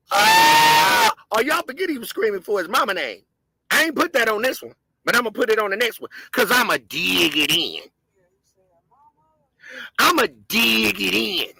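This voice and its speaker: High bright husky guy yelling his way thru footage commentary, dry sound, swears a lot. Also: dry recording, rough recording. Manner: impassioned, shouting, profane, addresses viewers as gang. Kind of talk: heated commentary on video footage.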